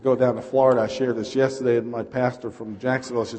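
A male pastor with a New York accent delivers a passionate, story-driven sermon in a mid-pitched voice. He keeps calling out to the congregation. A long echo from a large church hall follows his words. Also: little pitch movement, fast talker, few pauses, darkish tone. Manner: passionate storytelling preacher, calls out "Amen?". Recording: reverberant hall.

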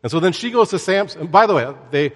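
A man giving a casual Bible lesson, conversational and joking, with lively asides to his listeners. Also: a little high, quick pace, big-room sound. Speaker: Bible teacher.

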